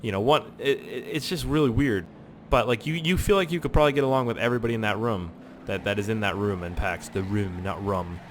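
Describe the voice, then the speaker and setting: A man's voice: lowish voice, fast talker, slight background noise. A man from Canada, telling rambling, profane stories while he plays a game. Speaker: gaming YouTuber. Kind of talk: casual storytelling over gameplay.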